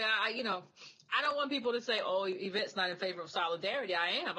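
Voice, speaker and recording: A woman's voice: a little high, pushed and bright, breathy edge, rough recording. A woman guest giving conversational political commentary, chatting and laughing between points, with many restarts.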